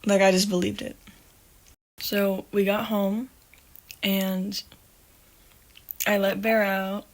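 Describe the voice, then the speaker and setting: Woman podcast host, casual storyteller, profane and rambling, mid-range voice. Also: mid-range voice. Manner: rambling, self-correcting, swears freely.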